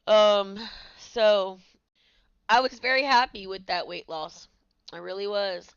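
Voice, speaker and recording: A woman in her thirties tells her own story slowly and candidly, with a gravelly edge to her voice. It sounds dry and close, though the recording is a bit dull and lo-fi. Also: medium pitch, dry recording. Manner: candid, conversational, with many fillers. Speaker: podcast host. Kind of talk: personal storytelling.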